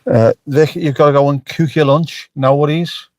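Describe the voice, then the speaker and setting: A man's voice: a little high, steady tone, moderate pace, dry recording. A middle-aged man chatting casually on a livestream, joking and swearing freely as he answers the chat. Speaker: livestream host. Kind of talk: casual live-stream chat.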